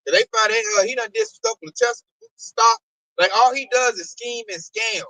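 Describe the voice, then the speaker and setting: A man's voice: extremely high pitch, huge pitch swings, a little fast, vocal fry, pushed and bright, no echo, far from the mic, poor audio. A man hosting a religious discussion, ranting animatedly with lots of slang and repetition. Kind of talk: preachy religious talk.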